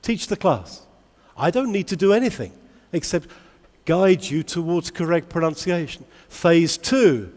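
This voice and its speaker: A man giving a lively conference talk to English teachers, asking the audience many questions. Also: on the high side, measured pace. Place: large convention hall. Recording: long hall reverb.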